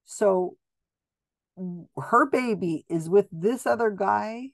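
A woman's voice: medium pitch, slow pace, dry recording, studio quality. A woman giving skeptical, blunt video commentary, talking casually with frequent ums and restarts. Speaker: commentator reviewing psychic videos.

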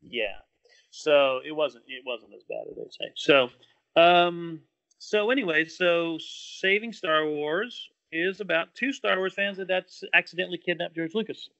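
A man, a filmmaker guest, telling stories in casual podcast chat, animated and laughing often. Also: fairly high pitch, a little slow, no echo. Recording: dull lo-fi dry sound.

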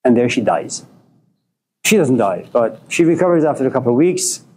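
A man giving a storytelling lecture to a class, wry and joking, in an unhurried way. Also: medium pitch, sing-song, a little mellow, a little hiss or hum. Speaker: philosophy lecturer.

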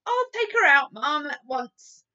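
A woman voicing a flustered, scolding middle-aged maid who shouts shrilly. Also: high-pitched, sing-song, unhurried, highs cut off, exaggerated voice.

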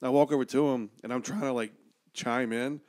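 A man's voice: medium pitch, brisk. A man with a West Virginian accent telling a comedy story in casual chat, cursing freely and acting out the voices of people in it. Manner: animated, profane, acts out voices in his stories. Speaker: stand-up comedian guest.

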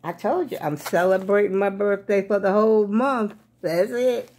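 A woman's voice: medium pitch, normal speed, darkish tone. A woman in her seventies chatting casually to her viewers in a rambling, folksy way, often calling them y'all. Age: 70s. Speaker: vlogger. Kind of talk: casual chat to camera.

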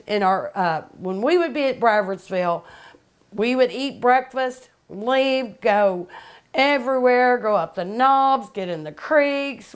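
A woman's voice: on the high side, clean tone. A middle-aged woman, hosting a cooking show and chatting casually, repeating herself as she tells family stories. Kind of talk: casual storytelling to camera.

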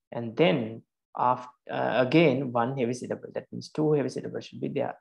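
A man teaching meter in an online class, explaining slowly and repeating his terms. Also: mid-range voice, creaky. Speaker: Pali teacher.

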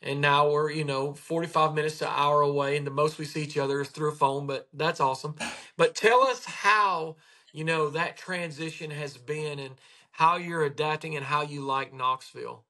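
A man hosting a casual chat, telling patient stories with animated retellings. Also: a little high, normal speed. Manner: animated storyteller, acts out patients' words. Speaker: podcast host, chiropractor.

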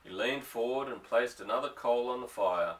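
A man narrating an audiobook, telling the story in a steady way. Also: mid-range voice, moderate pace. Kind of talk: scripted narration. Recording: distant mic.

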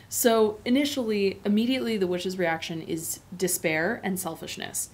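A woman's voice: mid-range voice, expressive, moderate pace, few pauses. A woman in a casual, explanatory tone, teaching a lesson on a novel. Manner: explanatory and conversational. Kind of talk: book lesson.

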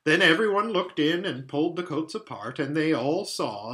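Man reading aloud, bright, lively, expressive storyteller. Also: on the high side, normal speed, few pauses. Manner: expressive, animated narration. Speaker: storybook reader.

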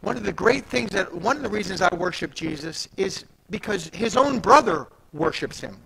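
A man's voice: high-pitched, expressive, moderate pace, gravelly, bright, forceful tone, a little hiss or hum, poor audio. A man preaching a sermon at a church service, talking in an emphatic, conversational way with restarts and asides. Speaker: pastor.

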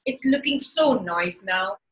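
A woman's voice: medium pitch, animated, takes it slowly, fairly bright tone, echoey room, poor audio. A woman voicing a clever, scheming young boy in a storybook reading, talking in a sly, coaxing way.

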